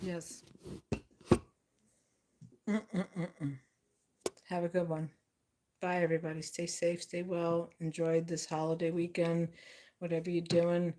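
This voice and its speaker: A woman's voice: lowish voice, little pitch movement, takes it slowly, long pauses, warm tone, slight background noise. A woman hosting her own channel, ranting in a blunt, profane, sarcastic way to her viewers. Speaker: channel host. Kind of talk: casual ranting vlog.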